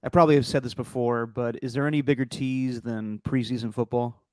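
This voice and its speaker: A man co-hosts a sports podcast in a clean studio with no room sound, his mid-range voice darkish, fairly quick, and fairly even in intonation. He chats casually and rambles, restarting himself often.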